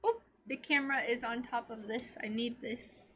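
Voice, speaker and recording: A woman's voice: a little high, fairly even intonation, normal speed, sharp tone. A woman chatting casually with her live-stream audience while crafting, giggly and talking to her pet. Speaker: stained glass streamer.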